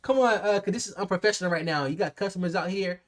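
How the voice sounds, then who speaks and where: A man voicing a hurried, firm woman store manager who urgently repeats herself and coaxes a worker to come along. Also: high-pitched, natural voice.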